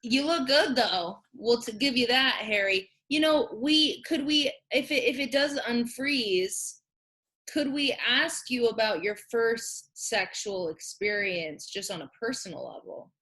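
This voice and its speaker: A woman's voice: a little high, a little slow, a bit bright. A woman co-hosting a comedic podcast interview, pressing the guest with mock-serious questions. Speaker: podcast co-host.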